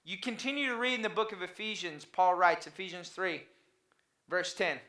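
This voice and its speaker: A man's voice: high-pitched, normal speed, bright, forceful tone, reverberant. A man, a father of young kids, preaching a conversational sermon as a pastor, mixing family stories with scripture. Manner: conversational, anecdotal preaching with dad jokes.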